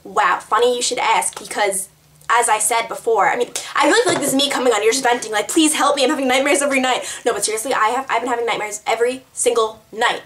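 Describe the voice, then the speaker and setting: A woman's voice: on the high side, fast talker, a crowd in the background. A young woman chatting to camera in a rambling, giggly way, answering tag questions. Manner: bubbly, rambling, giggly, lots of "like". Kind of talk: casual chat to camera.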